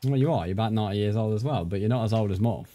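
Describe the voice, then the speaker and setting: A man's voice: on the low side, rapid-fire, mellow. A man, a streamer chatting casually and rambling while he plays, thanking viewers by name. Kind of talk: casual live-stream chat while gaming.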